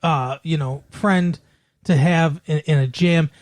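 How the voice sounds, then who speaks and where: A woman co-hosting a podcast in casual comedic chat, teasing and deadpan, often halting mid-sentence. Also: low-pitched, dry recording. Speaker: podcast co-host.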